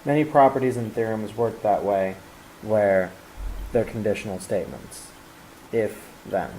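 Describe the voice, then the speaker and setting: A man with a mellow, warm voice teaches a recorded geometry lesson, explaining step by step with small fillers and restarts. A faint hiss sits under the recording. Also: fairly low pitch, a little slow, low-quality recording. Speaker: math teacher.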